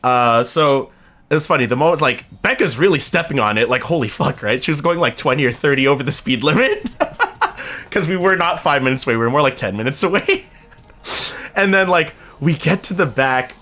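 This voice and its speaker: Bright-voiced young man rambling through a story. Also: a little high, animated, fairly quick. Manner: rambling, swears freely, laughs through his story. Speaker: streamer. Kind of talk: casual storytelling on a stream.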